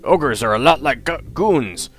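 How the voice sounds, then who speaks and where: A man's voice: mid-range voice, animated, measured pace. A man voicing a genial old male guildmaster, a retired adventurer who reminisces in a chatty, friendly way over faint guitar music.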